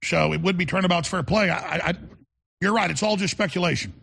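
A man's voice: sits high, fast, gravelly, fairly bright tone, husky. A man hosting a call-in radio show, talking in a rambling, emphatic way and often repeating words. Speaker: talk radio host.

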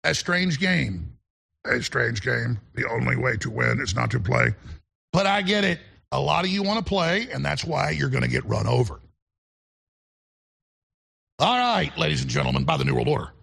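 A man's voice: mid-range voice, sing-song, moderate pace, gravelly, long pauses, a bit bright, husky. A man hosting a talk radio show, delivering a rambling, emphatic monologue full of repeated restarts. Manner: emphatic and combative.

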